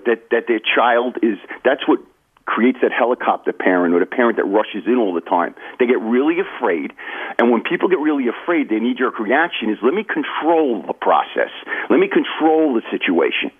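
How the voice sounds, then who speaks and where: A man's voice: medium pitch, breathy edge. Earnest man on a phone line. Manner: earnest, confiding, addresses host by name. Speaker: author and recovery guest. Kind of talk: radio interview, personal storytelling.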